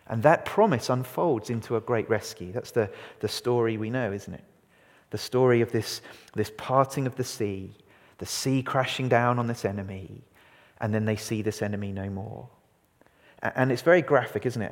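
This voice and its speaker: A man preaching a sermon, animated and asking his congregation questions. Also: medium pitch. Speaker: pastor. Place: church hall. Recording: long hall reverb.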